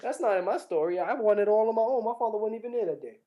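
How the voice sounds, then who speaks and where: A man telling a childhood story in casual chat, animated and laughing often. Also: high voice, very fast, lo-fi sound.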